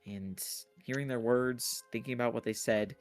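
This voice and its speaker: A man narrating as game master, unhurried and halting, with many fillers. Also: mid-range voice, steady tone, faint music behind.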